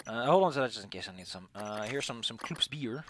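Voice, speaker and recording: A man's voice: medium pitch, expressive, fairly quick, a bit bright, a little hiss or hum. A young man streaming a video game, rambling in sarcastic, casual commentary that is full of swearing. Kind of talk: casual let's-play commentary.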